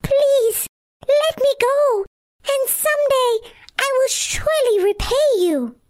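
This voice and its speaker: A woman voicing a timid little female mouse in a bedtime storybook, with a squeaky, thin voice. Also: lively intonation, slow pace, darkish tone, no room sound, studio quality, heavily acted. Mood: pleading.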